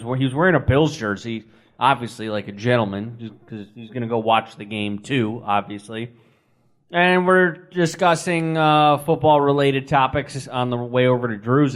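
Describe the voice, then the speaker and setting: A man's voice: mid-range voice, moderate pace. A man, co-hosting a sports podcast as producer, telling stories and teasing his host in a dry way. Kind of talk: casual sports podcast chat.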